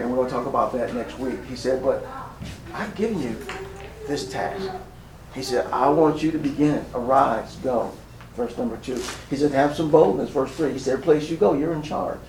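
A man's voice: a little high, darkish tone, echoey room, far from the mic, a little hiss or hum, poor audio. A man preaching a sermon as pastor, building his points with emphasis and repetition.

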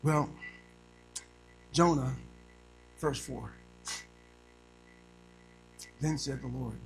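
A male preacher giving a sermon, moving between quiet storytelling and loud, rising preaching while reading scripture aloud. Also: mid-range voice, extremely slow, pauses often, faint music behind, low-quality recording. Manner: reads scripture in old-fashioned wording.

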